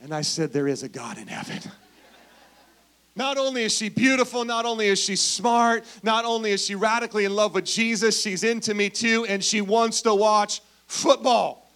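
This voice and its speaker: A man with a notably high voice delivers a sermon as a pastor. He tells stories with humor and keeps calling on the congregation to answer him. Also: normal speed, fairly bright tone, smooth. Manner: playful, asks the crowd for responses.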